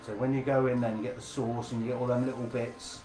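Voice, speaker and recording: A man's voice: medium pitch, level tone, quick pace, over music. A man hosting a casual live cooking class, chatty, jokey and informal as he demonstrates.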